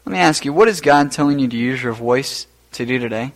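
A man preaching a sermon as pastor, rising to loud emphatic peaks and then dropping low and quiet. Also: fairly quick, low-quality recording.

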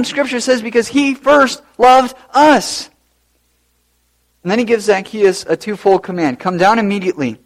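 A man preaching a sermon as pastor, animated and rising to loud emphasis. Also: high-pitched.

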